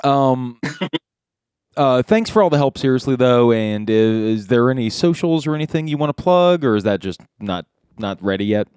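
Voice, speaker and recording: A male podcast host jokes his way through a casual comedy chat, laughing often and swearing freely. His pitch swoops up and down as he riffs. The sound is close and dry. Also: animated, normal speed, a little mellow, clear, resonant tone, no echo.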